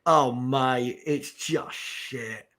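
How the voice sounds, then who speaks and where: A man's voice: mid-range voice, extremely slow, a bit bright. A man hosting a live fan watch-along of a football match, chatting casually, exasperated and swearing about his team.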